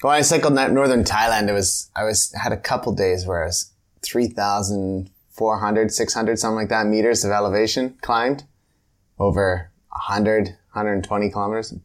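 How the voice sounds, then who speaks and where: A man's voice: fairly low pitch, moderate pace. A man hosting a casual chat who mostly adds brief, encouraging interjections.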